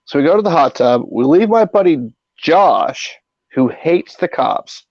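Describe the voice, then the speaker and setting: A man's voice: a little high, animated, measured pace, a little mellow, no echo. Profane middle-aged man telling stories. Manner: profane, rambling anecdotes. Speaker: podcast host. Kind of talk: casual storytelling. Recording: dull lo-fi audio.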